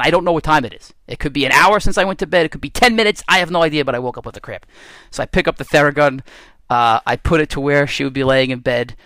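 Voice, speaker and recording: A man hosting his own fitness podcast, telling stories in a casual, animated way and laughing at himself now and then. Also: mid-range voice, no room sound. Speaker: podcast host and strength coach. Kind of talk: casual solo podcast monologue.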